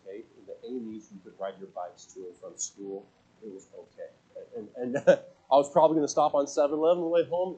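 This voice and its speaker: A man's voice: on the low side, dark tone, breathy edge, dull audio. A man in his forties, a pastor preaching a sermon who tells a funny personal story, then turns earnest.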